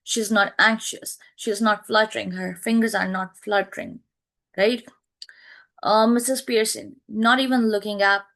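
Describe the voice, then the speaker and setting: A woman teacher explaining a play line by line, repeating herself and checking with "right?", pausing to search for words. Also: medium pitch, steady tone, gravelly, a bit bright.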